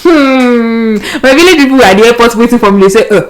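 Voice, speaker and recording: A woman's voice: on the high side, expressive, quick pace. A young Nigerian woman hosting a podcast, telling a story casually and animatedly, laughing often and mixing in pidgin. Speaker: podcast host.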